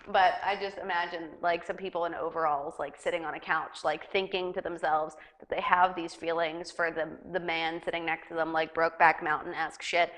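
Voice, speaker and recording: A woman's voice: on the low side, steady tone, normal speed, a bit bright. Rambling, giggly woman talk show host. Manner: rambling, giggly, heavy on fillers. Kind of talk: casual news chat.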